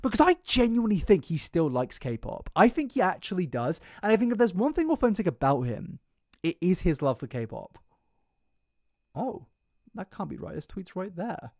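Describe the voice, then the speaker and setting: A man's voice: high voice, very animated, moderate pace, a little mellow, dry recording, studio quality. Rambling man on a livestream. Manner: rambling, profane, self-mocking. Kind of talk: casual livestream chat.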